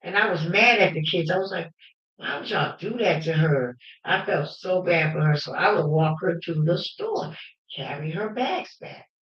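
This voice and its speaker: A woman's voice: on the low side, expressive, normal speed. Fervent woman livestreaming, roomy lo-fi sound. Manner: emphatic, swings into shouting. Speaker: livestream host. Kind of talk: fervent personal storytelling. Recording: roomy, dull lo-fi livestream audio.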